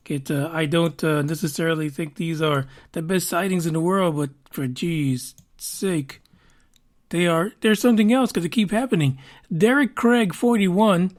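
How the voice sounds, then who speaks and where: Casting: male podcast host, fairly high voice, loose rambling delivery with fillers. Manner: rambling and conversational, with fillers and swearing. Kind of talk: casual podcast monologue.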